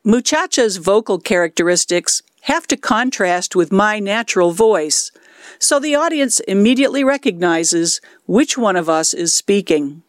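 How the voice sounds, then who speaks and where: This woman in her sixties, a lay worship leader in puppet ministry, walks through instructions step by step, clear, measured and expressive. Her alto sits low but within a middling female range. It's captured close-miked and dry, with no echo or room sound.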